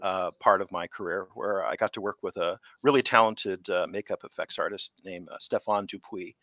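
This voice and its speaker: A middle-aged man, a special effects veteran, telling lively anecdotes in a casual interview and laughing often. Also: low voice, normal speed, no echo. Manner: animated anecdotes, laughs often, acts out quotes. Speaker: special effects artist guest.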